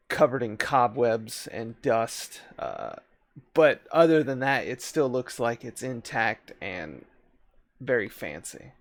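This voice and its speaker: A man's voice: mid-range voice, dry recording. Man narrating as dungeon master, dry sound. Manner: relaxed, halting description with many fillers. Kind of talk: narrating a tabletop game.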